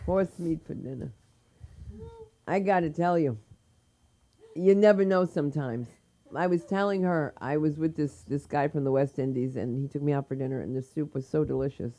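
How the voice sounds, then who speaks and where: A woman's voice: sits low, normal speed, dark tone. A woman hosting an open mic, telling a rambling, bawdy story before introducing the next comic. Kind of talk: stand-up banter.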